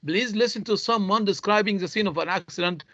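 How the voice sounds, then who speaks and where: A man's voice: sits high, brisk, pushed and bright, no room sound. A man teaching English in an online class. He speaks, his tongue is Arabic, and he explains patiently, step by step. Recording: dull lo-fi online call audio.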